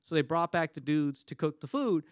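A male comedian from Los Angeles hosting a casual podcast, animated and profane, acting out quoted people as he talks. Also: a little high, normal speed, smooth, no room sound.

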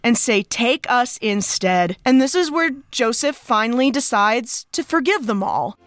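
A woman's voice: fairly high pitch, expressive, moderate pace, dry recording. A woman co-hosting a casual recap of a musical, chatty and thoughtful, with lots of "like" fillers. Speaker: podcast co-host.

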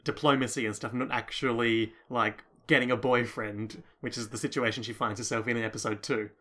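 A man's voice: medium pitch, steady tone, bright, forceful tone. A man co-hosting a podcast in casual chat, wry and opinionated. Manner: fast, wry and opinionated, laughs often. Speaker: podcast co-host.

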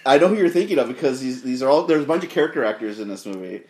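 A man's voice: medium pitch, rapid-fire, a little hiss or hum. A man co-hosting a podcast, casually retelling film scenes and acting out the lines. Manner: animated retelling, acts out quotes. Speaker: podcast co-host. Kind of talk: casual movie review chat. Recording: echoey room.

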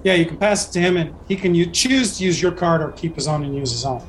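A man acting as game master of a tabletop game, explaining rules and narrating scenes in a relaxed way with frequent self-corrections. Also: fairly high pitch, quick pace, slight background noise.

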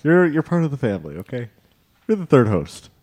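A man's voice: medium pitch, big pitch swings, a little fast, darkish tone. A man hosting a casual podcast, blunt and bossy with his co-hosts. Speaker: podcast host.

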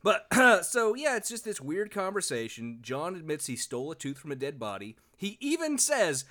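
Male podcast co-host, casual and joking, animated delivery that wanders off track. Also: on the high side, normal speed, hardly any pauses. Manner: rambling, animated, loses track of names. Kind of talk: casual comedic book discussion.

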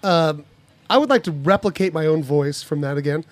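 A man chatting on a podcast panel, loud and animated with mock-boastful shouting. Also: on the high side, moderate pace, no room sound. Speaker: podcast panelist and pub quiz host. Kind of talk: casual chat.

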